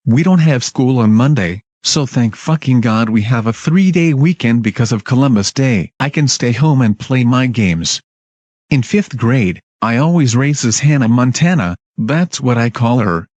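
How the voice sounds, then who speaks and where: A man tells a storytime in an irritable, blunt rant, with profanity in nearly every line. His voice sits at an ordinary middle pitch. The sound is dry and close, with no room echo. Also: darkish tone. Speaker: storytime narrator. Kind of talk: ranting storytime narration.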